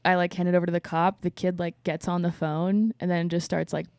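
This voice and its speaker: A woman's voice: lowish voice, brisk, no echo. A young woman co-hosting a podcast, casually telling bar security stories and acting out the people in them. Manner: lively retelling with acted-out quotes. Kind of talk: casual chat, animated storytelling.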